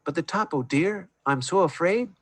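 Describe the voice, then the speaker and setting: A man's voice: expressive, normal speed, slightly rough, no room sound. A man voicing a fretful young maid. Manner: high sighing worry.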